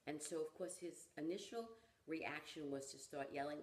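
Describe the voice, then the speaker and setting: A woman who teaches parenting, telling a story in conversation and acting out the people in it with lively expression. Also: sits low, normal speed. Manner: animated storyteller who acts out the people in her stories. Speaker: parenting educator. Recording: roomy echo.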